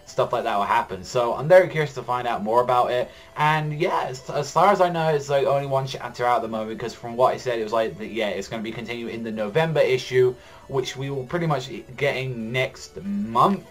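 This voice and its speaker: A young man recapping a comic chapter in loose, rambling talk, his pitch sitting right in the middle of the usual male range. He leans on "like" constantly and swears freely as he goes. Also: brisk, soft background music. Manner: rambling, heavy use of "like", swears often. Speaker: anime and manga reaction vlogger.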